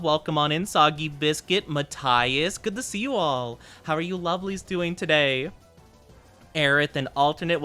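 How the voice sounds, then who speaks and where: A man's voice: fairly high pitch, bright, forceful tone. A man streaming as a VTuber, chatting playfully with his viewers and laughing easily. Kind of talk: casual live-stream chat with viewers.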